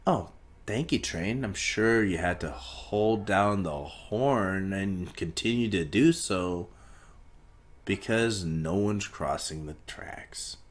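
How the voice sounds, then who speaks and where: A young man rambling through a profane solo podcast monologue, talking in circles. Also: deep voice. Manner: rambling, profane, stream of consciousness. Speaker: podcast host.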